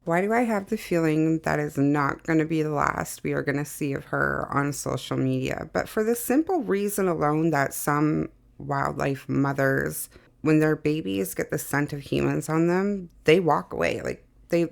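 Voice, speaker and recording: A woman giving casual, thoughtful reaction commentary. Her voice is very low and carries a gravelly fry. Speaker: reaction video host.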